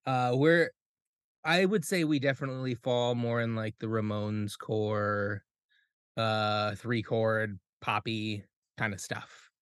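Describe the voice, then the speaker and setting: A man's voice: on the low side, fairly even intonation, takes it slowly, a bit bright, clear, resonant tone, no room sound, clean studio sound. A man from the Midwest US, a guest musician on a casual podcast, rambling with lots of filler words and swearing.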